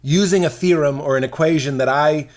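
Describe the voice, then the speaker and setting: A man's voice: a little high, a little fast. A man, a comedian and podcast guest, chatting casually and animatedly, often slipping into silly character voices mid-sentence.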